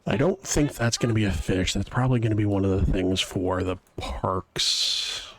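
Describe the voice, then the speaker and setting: A man's voice: fairly low pitch, moderate pace. A man streaming a video game live, chatting casually and rambling to his viewers as he plays. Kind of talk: casual live-stream chat while playing.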